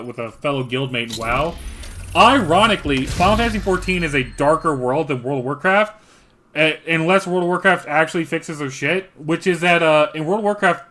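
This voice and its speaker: A young man with a bright, forceful and slightly high voice, chatting casually about a game. He tells the story in an excitable way and swears a lot. His talk is loose and unscripted. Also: a little fast. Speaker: streamer. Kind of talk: casual gaming chat.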